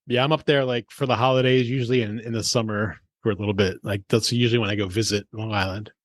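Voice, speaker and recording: A man's voice: lowish voice, fairly even intonation, quick pace, dry recording. A man hosting a podcast, chatting casually in an easygoing, self-deprecating way. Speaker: podcast host.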